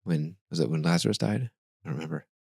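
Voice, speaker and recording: A man's voice: low voice, fast, creaky, a little mellow, breathy edge, no room sound, clean studio sound. A man in his forties hosting a podcast, talking casually and reflectively, often trailing off and restarting his thoughts. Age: 40s. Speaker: podcast host.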